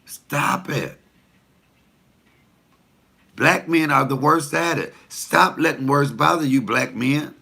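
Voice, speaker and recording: A man's voice: on the high side, slow, vocal fry, long pauses, sharp tone. A comedian talking casually to the camera, blunt, profane and preachy as he tells stories and gives advice.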